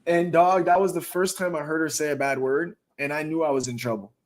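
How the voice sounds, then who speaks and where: Animated, profane man telling a story. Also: a little high, brisk. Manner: animated, profane, says "bro" a lot. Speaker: stream host. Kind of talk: casual storytelling chat.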